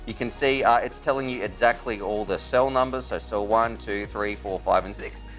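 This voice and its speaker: A man's voice: on the low side, moderate pace, fairly bright tone, faint music behind. Enthusiastic man reviewing gear. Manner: enthusiastic, chatty, informal slang. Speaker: tech reviewer and channel host. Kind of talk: casual product review.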